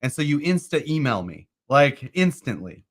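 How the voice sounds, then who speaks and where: A man's voice: medium pitch, very animated, moderate pace. A man co-hosting an investing show, explaining a crypto process in a loose, rambling way full of fillers. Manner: rambling, uses lots of "like" and "uh". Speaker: co-host. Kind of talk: casual chat about crypto investing.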